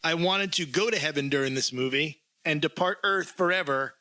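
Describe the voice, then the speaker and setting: A man's voice: fairly high pitch, fairly quick, pushed and bright, soft background music. A man co-hosting a podcast, chatting casually about movies and laughing often. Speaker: podcast co-host. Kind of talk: casual film discussion.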